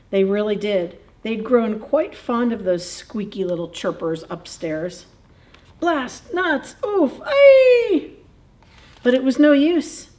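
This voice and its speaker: A woman's voice: mid-range voice, darkish tone. A woman librarian reading a picture book aloud at a children's story time, in a playful, chatty way, chuckling and asking the kids questions.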